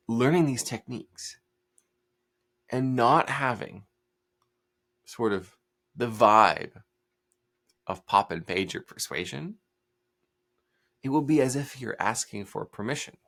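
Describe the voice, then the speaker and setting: Gravelly low-voiced blunt man. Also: a bit bright. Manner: blunt, commanding, mocks hesitant speech with put-on hedging. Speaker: host. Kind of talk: solo commentary on persuasion.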